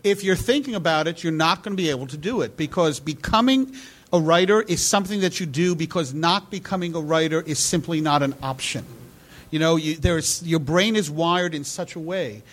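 A man's voice: a little high, fairly quick, fairly bright tone. A man on a live panel in front of an audience, casually telling stories about writing and acting out the voices he quotes. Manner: storytelling, acts out quoted voices. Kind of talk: casual stage conversation.

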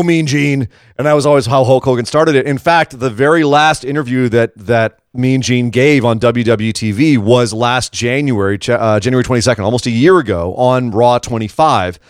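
A man co-hosting a casual wrestling podcast, talking in an animated way with quick asides and restarts. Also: medium pitch, no room sound, studio quality. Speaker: podcast co-host. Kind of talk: casual wrestling news chat.

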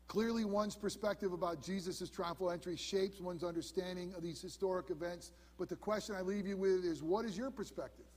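A man in his fifties preaching a sermon as pastor, earnest, dropping to hushed emphasis on key points. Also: high-pitched, husky, in a large hall. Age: 50s. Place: church sanctuary.

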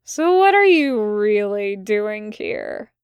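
A woman's voice: mid-range voice, very animated, slow pace, clean tone, dry recording. A woman voicing a sardonic, laid-back male demon in a drawling, teasing manner.

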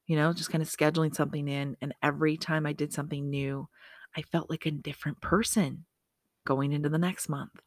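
A woman's voice: low voice, flat delivery, a little fast, dry recording, studio quality. A woman hosting a motivational podcast, chatty and upbeat, often correcting herself and making asides to herself. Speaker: podcast host.

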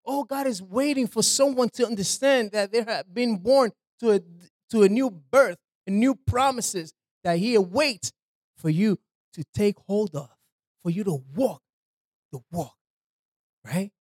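A man's voice: high-pitched, measured pace, a little mellow, no room sound. A man preaching an informal sermon in a loose, conversational way, often asking his listeners "right?" and dropping "man" into his talk. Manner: slangy, repeats "man" and "right".

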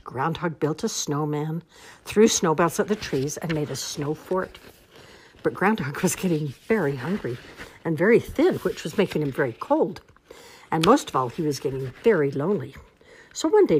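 Expressive low-voiced woman reading a storybook. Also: moderate pace, slight background noise. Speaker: storybook reader. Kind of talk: children's storybook read-aloud.

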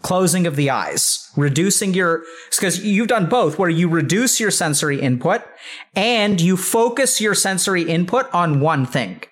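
Calm man coaching with measured talk. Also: sits high. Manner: measured, repeats yep, coaching tone. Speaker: host giving advice on the mind. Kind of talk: calm explanatory conversation.

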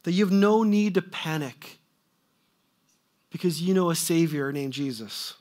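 A male preacher with a fairly high voice delivers a sermon. He swings between loud, emphatic questions and quiet asides that trail off. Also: lively intonation, unhurried.

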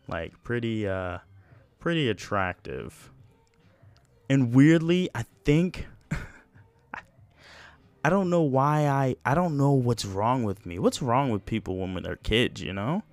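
Animated young man rambling on a podcast. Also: medium pitch, slow pace, long pauses, no echo. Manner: rambling, self-mocking, lively slang. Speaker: podcast host. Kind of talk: casual solo podcast storytelling.

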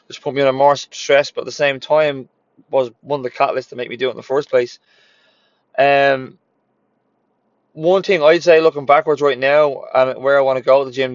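A man's voice: medium pitch, no room sound, dull audio. A gym owner and former personal trainer telling his story to motivate others, candid, swearing freely and repeating phrases for emphasis.

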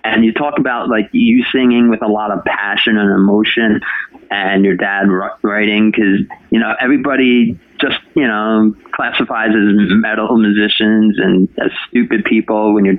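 A man's voice: fairly low pitch, steady tone, moderate pace, no room sound. Chatty man on a tinny line. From New Jersey. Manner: chatty storyteller, talks to anybody. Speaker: radio host. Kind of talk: casual interview. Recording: dry phone-line sound.

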